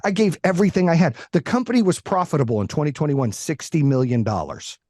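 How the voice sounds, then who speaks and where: A man's voice: on the high side, fast talker, dry recording, clean studio sound. A middle-aged man talking candidly as a podcast guest, blunt and heavy on swearing. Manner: blunt, profane, animated. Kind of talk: candid interview talk.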